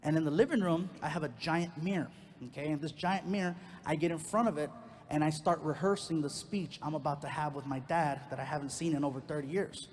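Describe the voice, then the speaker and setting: A man doing stand-up comedy, telling a long personal story in an animated way and leaping into loud high voices for his characters. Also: a little fast. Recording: reverberant venue with faint background noise.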